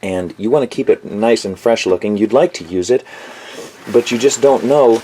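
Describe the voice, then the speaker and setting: A man's voice: lowish voice, moderate pace, dark tone, a little hiss or hum. A man reviewing a knife in a home kitchen, talking in a rambling, profane, self-mocking rant to camera.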